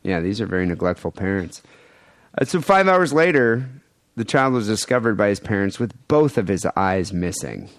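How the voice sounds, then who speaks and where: A man on a podcast, somewhat low-pitched, talking loosely and crudely while he works through a news story. His voice is recorded very dry and close to the mic. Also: lively intonation, moderate pace, no room sound. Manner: storytelling, reading a news item with joking asides. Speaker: podcast co-host. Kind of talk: casual crude podcast banter.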